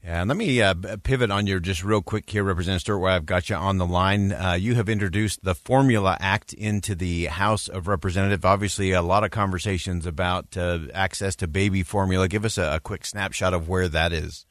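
A man's voice: sits low, steady tone, brisk, hardly any pauses, no echo, clean studio sound. A man hosting a radio interview, conversational with frequent fillers. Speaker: radio host.

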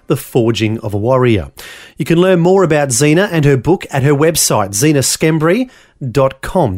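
A man hosting the show, reading a scripted outro in a clear delivery. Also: medium pitch. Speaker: host. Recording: faint background music. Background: faint music.

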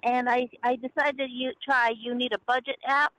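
A woman's voice: high-pitched, little pitch movement, normal speed, pushed and bright, poor audio. A woman calling in to a radio show with a question, speaking hesitantly. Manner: hesitant, careful. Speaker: caller. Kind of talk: phone-in question.

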